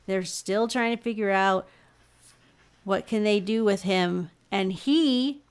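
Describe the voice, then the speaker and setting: A woman's voice: medium pitch, slow, clear, resonant tone. A middle-aged woman co-hosting a podcast, recapping games in a meandering casual chat with many ums. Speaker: podcast co-host.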